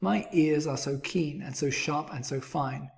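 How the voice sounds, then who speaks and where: Man voicing a show-off storybook rabbit, high and brash, slow and drawn out. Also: creaky. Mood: boastful. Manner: bragging, loud and high. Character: boastful male rabbit, proud and showy.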